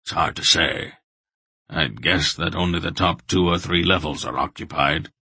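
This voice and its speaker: A man voicing a cautious, gruff old man who leads the group, speaking low, terse and matter-of-fact. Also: moderate pace, pushed and bright, no echo, exaggerated voice. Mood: quiet, grave.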